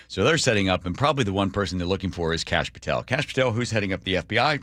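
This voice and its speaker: Wry deep-voiced radio host. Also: male voice, racing, hardly any pauses, no echo, studio quality. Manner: wry, joking, animated storyteller. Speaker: radio talk show host. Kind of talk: casual radio chat. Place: radio studio.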